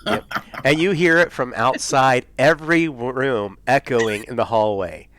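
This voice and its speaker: A man's voice: mid-range voice, unhurried, fairly bright tone, no room sound. A man narrating as game master in a tabletop game, rambling and often searching for words.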